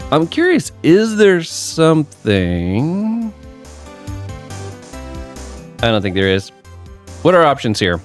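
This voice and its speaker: A man hosting a let's play, casually thinking aloud with ums as he plays. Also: on the low side. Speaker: gaming channel host.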